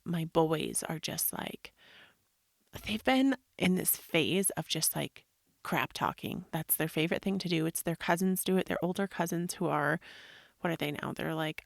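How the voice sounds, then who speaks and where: A woman's voice: lowish voice, gravelly, no echo, clean studio sound. A woman in her thirties, a yoga podcast host, talking in a rambling, confessional way with many "like" fillers. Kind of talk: casual personal monologue.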